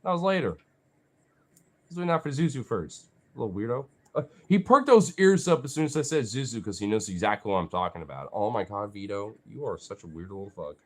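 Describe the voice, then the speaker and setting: A man's voice: fairly low pitch, sing-song, a little fast. A young man vlogging casually, talking to his dogs in a rambling, profane way full of fillers.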